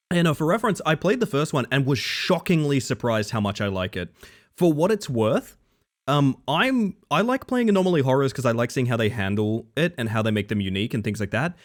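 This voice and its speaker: A man's voice: mid-range voice, sing-song, brisk. Guy streaming a horror game, bouncy voice, swears a lot, chats with viewers. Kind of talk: live gameplay commentary.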